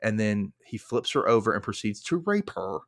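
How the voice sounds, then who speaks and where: A man's voice: fairly low pitch, sing-song, moderate pace. A man hosting a podcast, recapping a TV episode in casual chat, full of fillers, who acts out the characters' lines. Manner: chatty, many fillers, acts out quotes. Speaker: podcast host.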